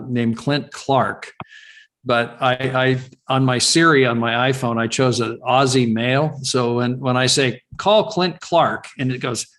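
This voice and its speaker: A man from California, USA, with a medium-pitched, slightly bright voice, hosts a live webinar over a video call. He rambles casually, full of fillers and restarts.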